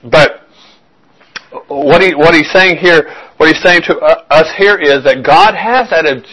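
A man's voice: on the high side, measured pace, bright, forceful tone, husky, rough recording. A man with a slightly raised voice teaches a verse-by-verse sermon. His delivery is conversational, full of repeated phrases and frequent check-ins with the congregation. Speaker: pastor.

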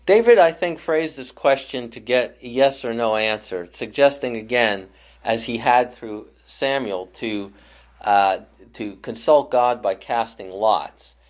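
A man leading a Bible study class, explaining scripture thoughtfully with frequent pauses and restarts. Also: mid-range voice.

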